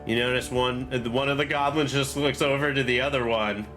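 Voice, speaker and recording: A man narrating as game master of a tabletop game, talking slowly with plenty of fillers. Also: mid-range voice, fairly even intonation, fairly bright tone, soft background music. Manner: slow, drawn-out narration with fillers.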